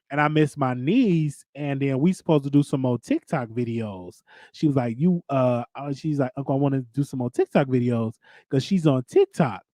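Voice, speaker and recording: A man's voice: medium pitch, a little mellow, dry recording, studio quality. A young adult man from Chicago with a Chicago accent, hosting a casual solo chat, rambling and stammering as he repeats himself. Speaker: show host.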